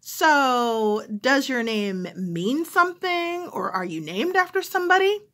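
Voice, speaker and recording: A woman's voice: sits high, big pitch swings, a little slow, bright, forceful tone, pitched above the performer's own voice, full character voice. A woman voicing a curious caller who keeps asking questions over the phone. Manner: questioning, prying.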